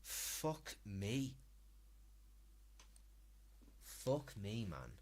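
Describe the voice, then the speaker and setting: A man's voice: on the low side, very animated, extremely slow, a little mellow. A British man streaming live, ranting and swearing as he reacts to a video.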